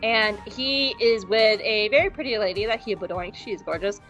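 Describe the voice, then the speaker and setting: A woman's voice: medium pitch, a bit bright, dull audio, soft background music. A woman co-hosting a podcast, recapping an episode in casual chat and briefly acting out the characters. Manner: playful, acts out characters in quick impressions. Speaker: podcast co-host.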